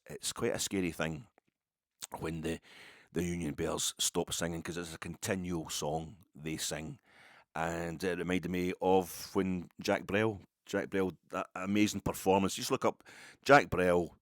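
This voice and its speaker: A man with a deep, low voice talks on his own in a loose, wandering way, doubling back and restarting as he goes. The sound is dry and close, with no room echo. It feels like a casual solo podcast about football. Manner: digressive, chatty storytelling with many restarts. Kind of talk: casual rambling monologue.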